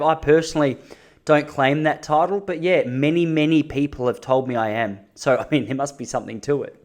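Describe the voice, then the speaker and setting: Rambling Australian man, fairly high voice. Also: fairly quick, darkish tone. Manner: rambling, self-mocking, with frequent restarts. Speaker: podcast host. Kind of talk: casual solo monologue. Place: holiday apartment lounge room.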